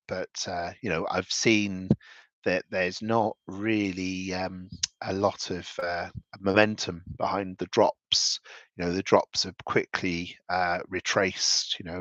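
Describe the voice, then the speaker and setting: A man's voice: low-pitched, fairly bright tone, no echo, lo-fi sound. A man giving casual commentary on investments over charts, rambling and thinking aloud with frequent restarts.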